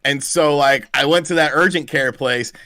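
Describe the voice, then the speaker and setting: A man with a high, bright voice tells a rambling story on a podcast, swapping in little voices for everyone he met and cursing as he goes. The sound is close and dry, with no room around him. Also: normal speed, no echo. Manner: animated storyteller who acts out the people in his stories, swears freely. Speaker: podcast co-host. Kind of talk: casual chat, telling an anecdote.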